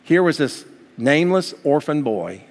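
A man's voice: a little high, sing-song, a little slow. A man preaching a sermon as pastor, from the United States, building to fervent emphasis. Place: church sanctuary. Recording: long hall reverb.

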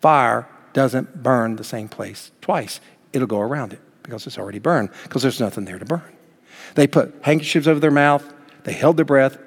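Emphatic pastor preaching in a reverberant hall. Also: male voice, medium pitch. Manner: emphatic, rising to near-shouts on key points. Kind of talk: sermon.

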